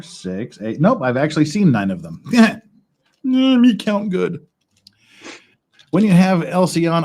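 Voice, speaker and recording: A man's voice: mid-range voice, a little mellow, breathy edge. A man hosting a casual livestream, rambling and chuckling as he builds Lego and counts pieces aloud. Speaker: stream host.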